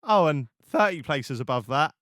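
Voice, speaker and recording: A man's voice: a little high, expressive, normal speed, a bit bright, no room sound, studio quality. A young man hosting a podcast, telling stories animatedly with swearing and many restarts. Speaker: podcast host. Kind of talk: casual podcast chat.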